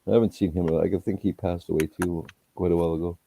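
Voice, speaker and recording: A man's voice: deep voice, fairly even intonation, fast, gravelly, mellow, slight background noise. A man telling rambling, profane anecdotes in casual chat. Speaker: storyteller.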